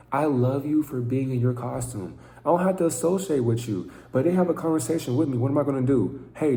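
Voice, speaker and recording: A man's voice: a little high, mellow, roomy sound, a little hiss or hum. A man giving an intense, profane, preaching monologue to camera as a vlogger.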